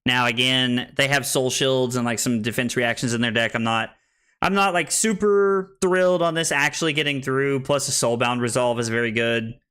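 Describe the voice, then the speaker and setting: Bright-voiced American man streaming a card game. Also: medium pitch, moderate pace, smooth. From United States. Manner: thinks aloud, hesitant, many restarts and fillers. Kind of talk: casual gameplay commentary.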